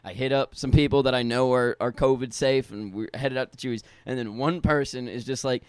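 A man's voice: mid-range voice, steady tone, fairly quick, few pauses, a little mellow, clean tone, dry recording. Young dude on a podcast, regular mid voice, swears a lot, acts out his own rants, dry sound. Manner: swearing, acts out quoted outbursts in his stories. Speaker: podcast co-host. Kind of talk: casual chat.

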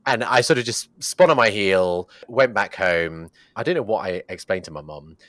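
A host speaks in a reflective, halting way, filling pauses with ums. His voice is very low. The recording is close and dry, with no room echo. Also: lively intonation, a bit bright. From Bradford, England. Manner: reflective, hesitant, lots of fillers. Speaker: podcast host. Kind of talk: conversational interview.

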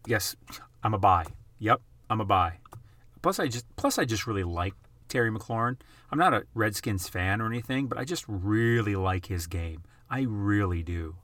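A man hosting his own channel, chatting casually over price charts in an excitable, emphatic way, repeating phrases for effect. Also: lowish voice, normal speed, dry recording. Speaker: YouTube host.

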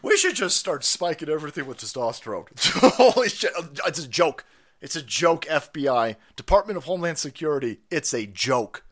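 A man ranting on a live stream, loud, profane and mocking, slipping into sarcastic voices. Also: on the high side, big pitch swings, normal speed.

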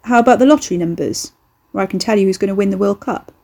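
A woman's voice: mid-range voice, quick pace, dark tone, lightly acted. A woman voicing a cocky young male eldritch horror, breezy, slangy and boastful.

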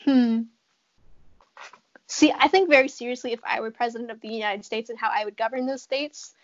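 A woman's voice: on the high side, a little fast. Giggly young woman on muffled audio. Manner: giggly, searches for words. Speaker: podcast guest. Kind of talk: casual chat.

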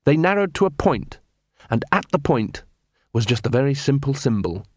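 A man narrating an audiobook in a measured, steady storytelling manner on a close studio mic. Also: medium pitch, slight background noise. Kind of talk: scripted narration.

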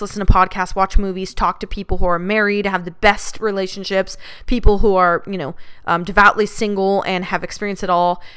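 Brief: smooth-voiced woman giving frank, chatty advice. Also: medium pitch, fairly bright tone. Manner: candid and chatty, swears freely, many "like" and "you know" fillers. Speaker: podcast host. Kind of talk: frank casual advice talk.

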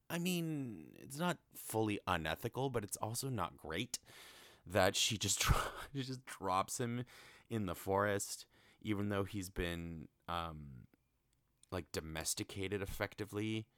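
Deep-voiced young man, chatty and swearing. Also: fairly bright tone, dry recording. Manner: chatty, swears often, many fillers. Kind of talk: casual film recap.

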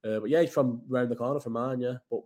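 A man's voice: medium pitch, steady tone, quick pace, a little mellow. A man from the Bolton area with a Bolton accent, hosting a casual live chat in a rambling, blunt and sweary way. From Bolton area, England.

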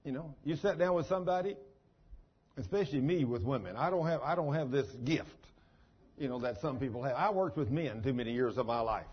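An older male pastor preaches in a folksy, storytelling style with down-home phrasing, his mid-range voice lively in intonation, a little fast, and edged with breathiness. The sermon recording is dull and lo-fi.

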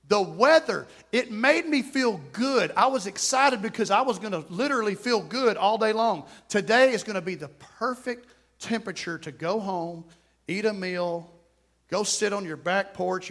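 High-voiced fervent preacher, man. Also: moderate pace. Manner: fervent preaching that swings from quiet asides to loud exclamations; conversational, jokes with the congregation. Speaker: pastor. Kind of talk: sermon. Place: church.

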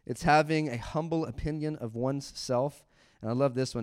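A man preaching a sermon in church, animated, laughing often and acting out little quotes. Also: medium pitch, moderate pace, smooth. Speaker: pastor.

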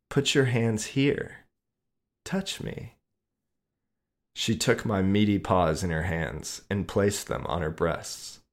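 A man reading his own adult short story aloud in a slow, measured way. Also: sits low.

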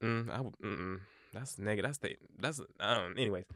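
A young man co-hosting a podcast, telling an animated, profane story in casual chat. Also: lowish voice, a little fast, no room sound, clean studio sound. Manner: animated, profane, replays his own quotes. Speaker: podcast co-host.

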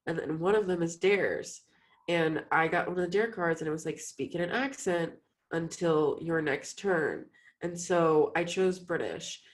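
Young woman podcast cohost, lowish voice, rambly and self-mocking. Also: a little slow. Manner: chatty, rambling, self-deprecating storyteller. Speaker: podcast co-host. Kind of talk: casual chat.

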